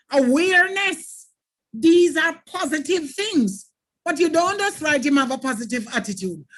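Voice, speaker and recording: High-voiced Jamaican woman teaching. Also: fairly bright tone. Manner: emphatic, instructive, addresses students directly. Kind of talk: exam preparation lesson.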